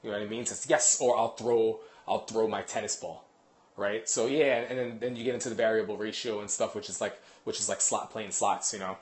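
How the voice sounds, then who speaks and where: A man working as a dog trainer, casually explaining to a live audience in a quick, animated way, full of analogies. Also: on the low side.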